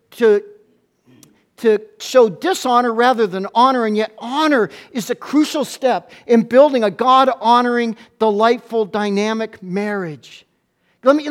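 A man preaching a sermon as a pastor to a congregation in church, animated and playful, often stumbling into quick restarts. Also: very high-pitched.

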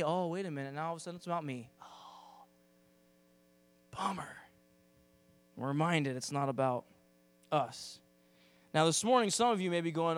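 High-voiced animated man preaching. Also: normal speed, pauses often, smooth, dry recording. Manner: animated, conversational preaching with acted-out asides. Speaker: pastor. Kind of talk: sermon.

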